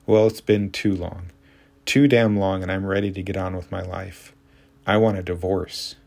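A man narrating an audiobook voices a tired, blunt woman in her thirties, pushing the lines out with exasperated force. His deep, gravelly voice stays slightly raised at a moderate pace, and she sounds fed up. It is steady storybook narration, not full character acting.

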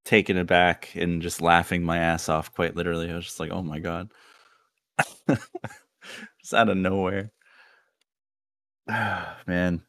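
Laid-back male podcast host, low voice, dry close sound, easygoing storyteller. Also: little pitch movement, unhurried, long pauses, fairly bright tone, no echo. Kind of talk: casual chat.

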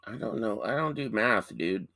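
A man co-hosting a casual podcast, telling stories in a profane, animated way. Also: lowish voice, normal speed, creaky. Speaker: podcast co-host. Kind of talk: casual chat.

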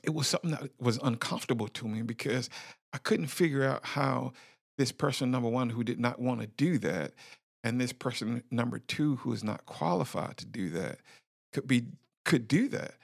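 Middle-aged male podcast host, gravelly tone, candid preacher-style testimony, dry close mic. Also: mid-range voice, moderate pace, no room sound. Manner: candid, preacher-like, lots of fillers and repeats, calls listener "man". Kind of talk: personal testimony, motivational talk.

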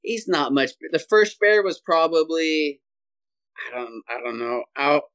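A man talking as a podcast guest, telling a story in an animated, energetic way and saying "dude" often, over a video call. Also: fairly high pitch, unhurried. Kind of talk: casual storytelling interview.

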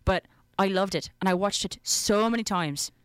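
A woman's voice: medium pitch, moderate pace, smooth, dry recording, studio quality. A woman co-hosting a casual radio show, bubbly and joking, explaining things with enthusiasm. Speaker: college radio co-host. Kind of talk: casual chat.

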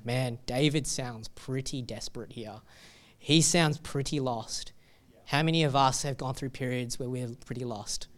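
A young adult man, a pastor giving a sermon in a casual, joking way and reading scripture with feeling. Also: mid-range voice.

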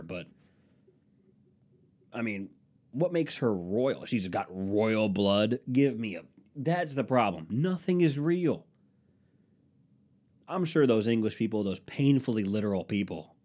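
A man with a stuffy nose doing a profane comedy rant at home, swinging between loud outbursts and low mutters. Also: sing-song, unhurried, long pauses. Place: room at home with a dehumidifier running.

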